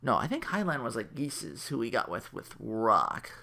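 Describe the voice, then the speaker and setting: A man reviews an old cartoon in a loose, joking ramble, his pitch swinging up and down as he gets into it. He corrects himself mid-sentence and laughs at his own jokes. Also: sing-song, moderate pace, gravelly, bright, forceful tone. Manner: rambling, jokey, self-correcting, laughs often. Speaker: anime reviewer. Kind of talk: casual review commentary.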